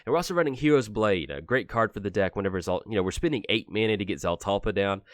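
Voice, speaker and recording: A man giving a casual, chatty walkthrough of a card game deck, filling pauses with frequent "uh"s. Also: on the low side, animated, no room sound. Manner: brisk and chatty, with frequent filler "uh"s. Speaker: deck tech presenter.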